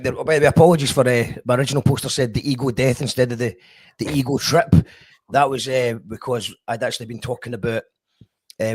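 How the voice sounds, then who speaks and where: A man's voice: mid-range voice, slightly rough, dry recording. A man hosting a live-streamed interview, reading out viewer comments and asking questions with frequent restarts and fillers. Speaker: host.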